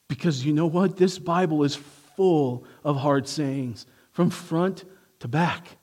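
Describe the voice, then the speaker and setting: Emphatic male preacher, fairly high voice. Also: slow pace. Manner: emphatic, swinging from hushed to forceful; rhetorical questions to the congregation. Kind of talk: sermon.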